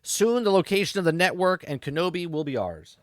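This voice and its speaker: A man quoting a menacing armored dark lord in his own slightly high voice, flat and menacing. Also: fairly quick, dry recording, clean studio sound.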